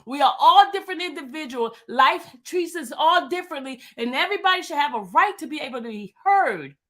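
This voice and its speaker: Very high-voiced impassioned woman in her 50s. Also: animated, brisk, fairly bright tone. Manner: emphatic, repetitive, venting. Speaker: vlogger. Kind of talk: impassioned monologue.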